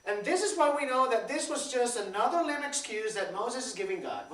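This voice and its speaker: A man's voice: extremely high pitch, a little fast, hardly any pauses. Pastor guy, 30s, chatty sermon, roomy church sound, mic kinda far off. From Puerto Rico. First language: Spanish. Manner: lively, repeats words, questions the congregation. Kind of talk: conversational sermon. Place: church sanctuary. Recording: echoey church, distant mic.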